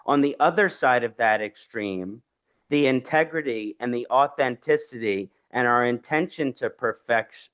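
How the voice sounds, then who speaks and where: A man's voice: mid-range voice, fairly bright tone, clear, resonant tone, muffled recording. A man from Philadelphia with a thick, nasal Philadelphia accent, giving an earnest lecture with rhetorical questions. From Philadelphia, Pennsylvania. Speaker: astrology lecturer.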